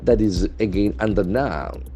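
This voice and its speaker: Low-voiced trainer, methodical. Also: male voice, a little slow, dark tone, soft background music. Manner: methodical, spells words out letter by letter, keeps calling words beautiful. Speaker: English language trainer. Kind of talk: lesson.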